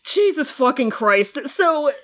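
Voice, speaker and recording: A woman's voice: high-pitched, sing-song, slow, fairly bright tone. A woman co-hosting a podcast, retelling a show in casual chat, laughing often and swearing freely. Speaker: podcast co-host.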